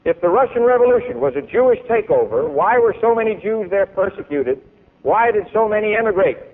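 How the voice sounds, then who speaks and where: A man giving an emphatic, declaiming public speech and then taking questions from an audience. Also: sits high. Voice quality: emphatic, oratorical, declaiming with big swings in loudness. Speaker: speaker at a university event. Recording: tinny, lo-fi archival tape.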